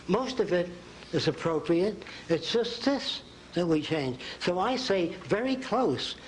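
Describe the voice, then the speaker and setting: An older man chalks on a blackboard while delivering a folksy college lecture in a lecture hall, performing the quotes he cites. The rough recording of his high-pitched voice has a slight hiss or hum.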